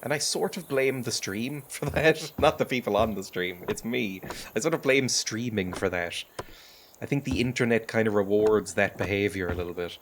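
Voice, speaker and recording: Low-voiced Irish man chatting while gaming. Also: normal speed, a little hiss or hum. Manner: chatty, self-deprecating, laughs often; swears casually. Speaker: gaming streamer. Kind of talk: casual chat over gameplay.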